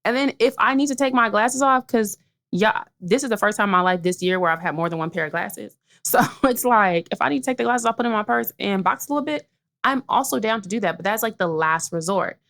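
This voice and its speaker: A woman's voice: mid-range voice, expressive, brisk, gravelly, fairly bright tone. A young woman co-hosting a podcast, telling a brash story in casual chat and acting out what people said. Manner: brash, storytelling, acts out quotes. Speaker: podcast co-host.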